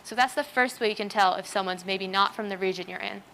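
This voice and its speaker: A teenage girl gives a prepared student talk on a school stage, speaking fast in a medium-pitched, gravelly, fairly bright voice. She is earnest and explanatory, using many examples, and there's slight background noise.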